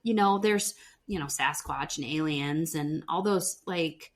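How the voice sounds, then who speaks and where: Woman, podcast co-host, casual chat, low pitch, chatty, fillers. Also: measured pace. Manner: chatty, lots of fillers like "um" and "you know". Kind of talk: casual chat recapping a TV show.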